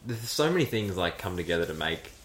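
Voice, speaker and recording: Low-voiced rambling podcast host. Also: male voice, big pitch swings, quick pace, a bit bright, reverberant, a little hiss or hum. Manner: rambling, heavy use of "like", laughs often. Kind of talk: casual chat.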